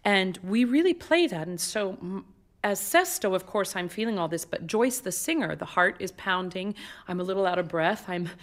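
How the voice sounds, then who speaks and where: A woman opera singer explaining her craft in an onstage interview, talking in an expressive, animated way. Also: mid-range voice, moderate pace. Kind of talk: onstage interview before an audience.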